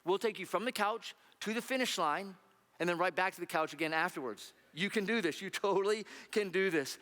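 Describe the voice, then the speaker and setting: A man's voice: high-pitched, fairly bright tone. A man speaking from a church stage, upbeat and conversational, encouraging the congregation to sign up. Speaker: charity running team speaker. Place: church sanctuary. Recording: long reverb of a church hall.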